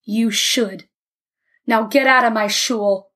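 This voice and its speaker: A woman narrates the lines of a big, stern rabbi in an audiobook who scolds with dry irony. Her voice stays a touch high for him. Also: takes it slowly, fairly bright tone. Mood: cold. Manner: ironic, scolding. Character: large stern middle-aged male rabbi.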